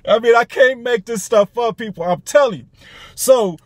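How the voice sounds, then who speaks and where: A man, a rideshare driver, telling a story in a casual, slangy, animated way, laughing between lines. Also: very high voice, slow, pauses often, no room sound.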